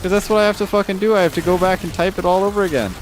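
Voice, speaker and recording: A man's voice: fairly even intonation, very fast, noisy background. A man streaming live, ranting casually with lots of swearing while reading chat comments. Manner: ranting, frequent swearing, rising exasperated pitch. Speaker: livestreamer.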